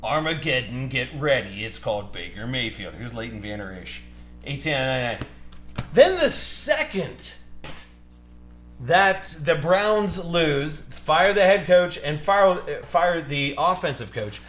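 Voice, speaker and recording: A man's voice: a little high, sing-song, fairly bright tone. A man hosting a live card break stream, ranting heatedly about sports media between card calls. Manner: ranting, heated, fast-shifting. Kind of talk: live stream chat while opening cards. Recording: echoey room with music behind.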